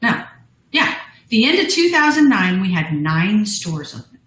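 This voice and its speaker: A woman's voice: medium pitch, sing-song, a little slow, a bit bright, reverberant, poor audio. A middle-aged woman, a business founder, telling her story as a guest in a live interview, bubbly and laughing often. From United States.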